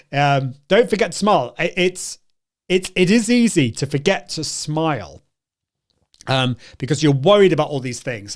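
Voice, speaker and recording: A man hosting a live video show, talking chattily to his viewers, often correcting himself and laughing. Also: on the high side. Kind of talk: live-stream talk to viewers.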